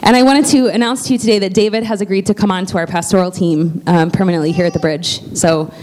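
A woman's voice: mid-range voice, steady tone, quick pace, noisy background. A woman pastor making church announcements from the pulpit, chatty and heartfelt, with plenty of fillers and restarts.

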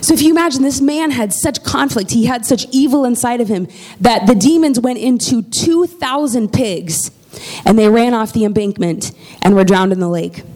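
Conversational woman preacher, fairly high voice. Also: moderate pace. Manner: lively, conversational, checks in with "okay?". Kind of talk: casual sermon storytelling.

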